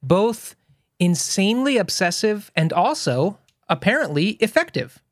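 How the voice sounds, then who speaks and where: A man with a fairly high, expressive voice co-hosts a casual podcast, telling stories with a wry, joking manner. His pitch moves a lot, and the sound is dry and close. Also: unhurried, no echo. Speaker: podcast co-host.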